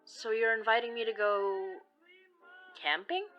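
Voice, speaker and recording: A woman's voice: a little high, fairly even intonation, measured pace, highs cut off, close to an everyday voice. A woman playing a wry witch from the Philippines in an audio drama, teasing and dry, with faint music behind her.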